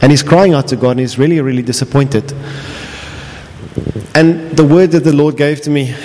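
A man's voice: fairly high pitch, normal speed, darkish tone, a little hiss or hum. A man preaching a sermon as pastor, earnest and often restarting his phrases. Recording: long reverb of a large hall.

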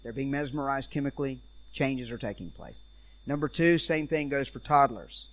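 A man preaching in a church, telling animated stories and acting out the people in them. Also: medium pitch, normal speed. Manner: animated storyteller, acts out quoted voices. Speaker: traveling preacher and speaker on parenting.

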